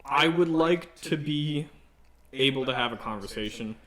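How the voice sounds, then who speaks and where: A man chatting casually on a podcast about travel, talking in halting bursts with restarts and fillers. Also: medium pitch, bright, forceful tone. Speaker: podcast participant planning a Japan trip. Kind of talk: casual chat.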